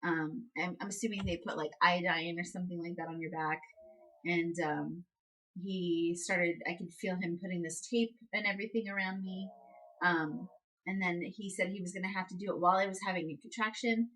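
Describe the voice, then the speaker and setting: A young woman vlogger and new mother casually tells a personal story, chatting with lots of "like" and "um." She reenacts quotes with high outbursts, speaking fairly quickly in a steady, somewhat bright voice on a low-quality recording.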